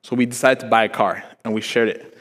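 A man's voice: lowish voice, steady tone, fast talker, fairly bright tone. Young man preaching casually in a reverberant church. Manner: casual, storytelling, frequent "like" fillers, acts out quotes. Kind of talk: sermon. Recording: long reverb in a church hall.

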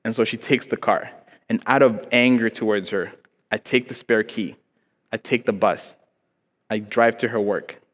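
A young man with a fairly low voice and fairly even intonation preaches a sermon at normal speed, telling stories casually and acting out quotes. He uses "like" as a filler a lot, and the church hall gives the recording a long reverb.

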